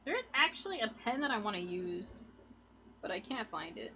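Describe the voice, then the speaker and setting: A woman's voice: medium pitch, big pitch swings, normal speed, pushed and bright, a little hiss or hum. A young woman streamer in casual, rambling chat with her viewers, laughing often as she talks. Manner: rambling and giggly, chatting with viewers.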